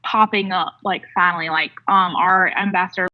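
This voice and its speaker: A woman's voice: on the low side, fairly even intonation, normal speed, a little hiss or hum. Rambling woman on a dull lo-fi clip. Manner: filler-heavy, rambling. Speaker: MLM team member. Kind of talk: casual chat.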